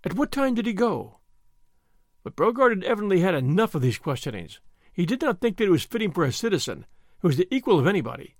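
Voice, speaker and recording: Brief: male narrator, slightly high, lively classic-novel reading. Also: dry recording, studio quality. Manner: expressive storytelling. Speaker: audiobook narrator. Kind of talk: scripted narration.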